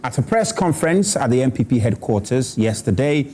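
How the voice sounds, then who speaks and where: A man's voice: medium pitch, a little fast, a little hiss or hum. A man hosting a TV morning show, moderating a debate and reading from the paper. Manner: calm moderator, reads aloud from newspaper. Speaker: TV show host.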